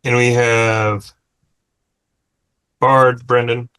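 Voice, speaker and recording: A man running a tabletop game as game master, in relaxed, joking table chat that now and then turns profane. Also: medium pitch, very slow, clear, resonant tone.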